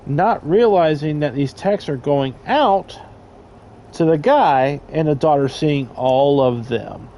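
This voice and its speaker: Young man, gravelly voice, rambling crude storyteller, faint background hiss. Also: fairly high pitch, takes it slowly, rough recording. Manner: rambling, crude, loud laughing bursts. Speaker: storyteller in a casual talk. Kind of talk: casual storytelling chat.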